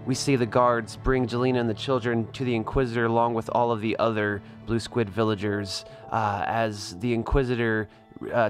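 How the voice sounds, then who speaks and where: A man narrating a tabletop game as game master, with frequent ums and uhs. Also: medium pitch. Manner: descriptive, many ums and uhs.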